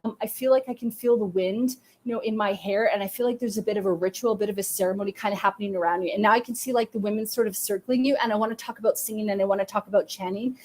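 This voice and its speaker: Woman host giving live psychic readings; soft, effusive, emphatic, fillers throughout, mid-range pitch. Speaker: psychic medium and podcast host. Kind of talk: live-streamed intuitive reading.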